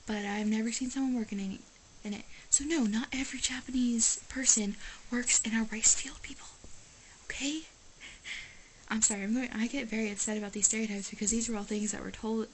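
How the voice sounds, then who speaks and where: A woman's voice: a little high, a little hiss or hum, low-quality recording. Emphatic chatty woman vlogger. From United States. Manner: exasperated, emphatic, chatty with many "like"s. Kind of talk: casual talk to camera. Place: living in Japan.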